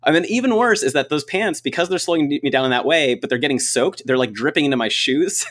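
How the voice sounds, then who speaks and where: A man in casual chat, telling a lively story with lots of filler words and frequent laughs. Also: fairly high pitch, fast talker. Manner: rambling, filler-heavy, laughs often.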